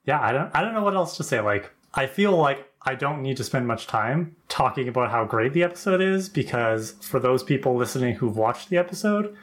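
Podcast co-host, casual episode chat, dry joking asides, lively pitch. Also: a little fast, hardly any pauses.

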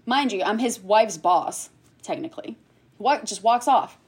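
A woman in her thirties telling a personal story in conversation, animated and acting out what others said in quick bursts. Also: mid-range voice, husky. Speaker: guest sharing a personal story.

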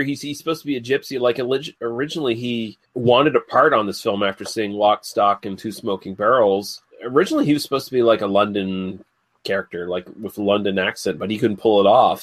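A man's voice: lowish voice, breathy edge. A man co-hosting a casual podcast, joking and laughing often as he talks. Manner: laughing, slips into silly put-on voices. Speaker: podcast co-host.

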